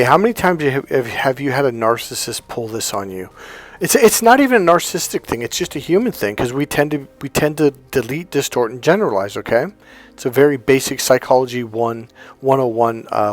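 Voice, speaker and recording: A middle-aged man explaining coaching techniques in an informal teaching monologue, acting out quoted dialogue as he goes. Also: medium pitch. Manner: conversational, acts out quoted dialogue. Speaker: life coach and NLP trainer.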